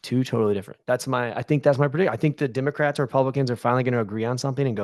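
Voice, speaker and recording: A man's voice: medium pitch, very fast, darkish tone, dry recording, studio quality. A man in his thirties co-hosting a podcast, talking bluntly in a casual chat and acting out quoted asides. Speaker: podcast co-host.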